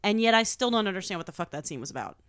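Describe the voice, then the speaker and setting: A woman's voice: medium pitch, expressive, racing, fairly bright tone, clean tone, no echo, clean studio sound. A woman co-hosting a casual film podcast, exasperated and swearing about a scene. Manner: exasperated, profane, laughing. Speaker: podcast co-host.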